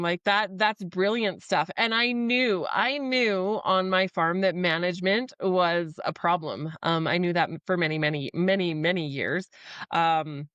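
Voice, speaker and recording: A woman's voice: on the low side, a little slow, fairly bright tone, clear, resonant tone, dry recording, muffled recording. A woman hosting a farm podcast, talking frankly and chattily and poking fun at her own past mistakes. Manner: frank, chatty, self-deprecating. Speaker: podcast host, former farmer. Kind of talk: casual podcast interview.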